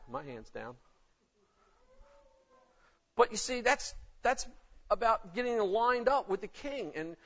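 A man's voice: high voice, fairly bright tone. A man preaching a sermon in an emphatic, conversational way. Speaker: pastor. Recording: dull lo-fi recording.

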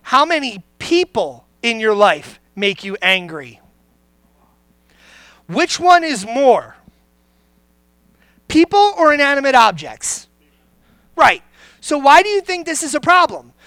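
A pastor delivers a sermon at an unhurried pace, teasing the congregation with questions and jokes before sinking into low, grave emphasis. The voice is bright, and the recording is dry and close. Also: sing-song, no room sound. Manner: conversational, joking, then drops low and grave.

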